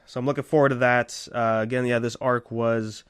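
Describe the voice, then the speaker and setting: A man co-hosting a casual podcast, talking in a relaxed, rambling way with lots of fillers. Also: mid-range voice, brisk, smooth, no echo. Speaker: podcast co-host.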